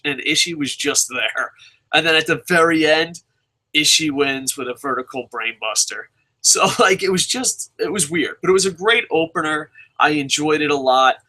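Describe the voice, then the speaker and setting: A man's voice: fairly high pitch, bright, forceful tone, poor audio. A man reviewing a wrestling show in a casual, rambling rant, swearing heavily and jumping between thoughts. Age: adult with a son.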